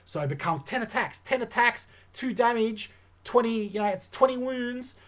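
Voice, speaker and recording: A man's voice: very high voice, normal speed, fairly bright tone. A man hosting a wargaming channel, talking through tabletop game rules in a casual, enthusiastic way and thinking aloud with lots of fillers.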